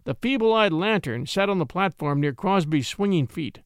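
Expressive male storybook narrator. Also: high-pitched, moderate pace, clean tone, no echo, clean studio sound. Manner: expressive, old-fashioned storytelling delivery.

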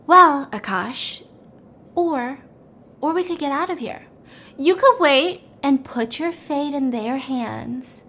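A woman's voice: high voice, fairly bright tone, slight background noise. A young woman casually retelling a film plot, acting out the characters' lines with voices and dropping to a whisper for the menacing ones. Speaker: storyteller recapping a film plot. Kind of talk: animated casual plot recap.

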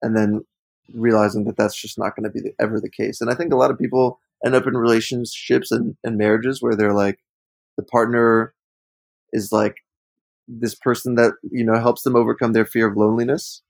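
Gravelly-voiced man in frank podcast talk. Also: mid-range voice, flat delivery, brisk, dry recording, low-quality recording. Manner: reflective, frank, many "like" fillers. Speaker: podcast co-host. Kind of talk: casual podcast chat.

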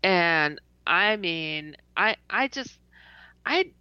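A woman telling a personal story in a casual interview, animated and laughing often, stuttering and restarting as she goes. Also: fairly low pitch, very slow, clear, resonant tone, dry recording. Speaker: interview guest. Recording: dull lo-fi dry recording.

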